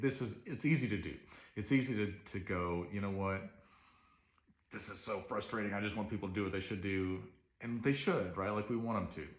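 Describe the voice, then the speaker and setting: A man's voice: sits low, a bit bright. A man telling a rambling, earnest story straight to camera in a casual confessional monologue. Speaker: vlogger. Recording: roomy echo.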